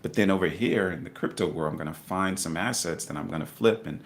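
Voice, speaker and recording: A man talking about investing as a podcast guest, emphatic and animated, repeating his key points. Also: deep voice, fairly quick, gravelly. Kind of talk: casual podcast conversation.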